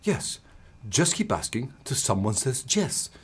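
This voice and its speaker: Man voicing a Spanish mentor, Spanish accent, deep voice, slow, plain, self-assured. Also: very animated, husky. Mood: calm, knowing. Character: deep-voiced older Spanish male sales mentor, calm and sure.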